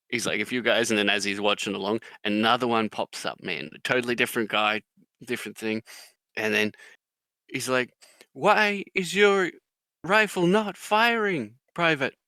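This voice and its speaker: A man casually telling stories with lots of swearing, now and then acting out quotes in a loud, high voice. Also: no echo. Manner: swears a lot, acts out quotes in a loud high drill-sergeant voice. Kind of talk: casual chat.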